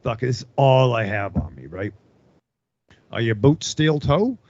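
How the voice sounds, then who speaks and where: A man tells a rambling story full of profanity, his gravelly voice leaping up and down as he acts out what other people said. The sound is dry and a little dull, like close podcast audio. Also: medium pitch, unhurried, dry recording. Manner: animated, swearing, acts out other people's lines. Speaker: podcast co-host.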